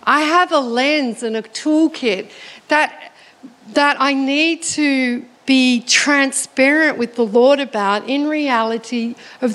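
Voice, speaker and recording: A middle-aged woman, telling a personal story in an animated, self-mocking way as part of her sermon. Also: sits high. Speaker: preacher.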